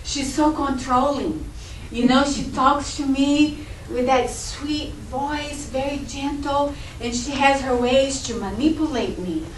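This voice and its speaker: A woman's voice: high-pitched, slow, slight background noise. A woman voicing a resentful husband complaining about his wife, in an aggrieved way. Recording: roomy echo, distant mic.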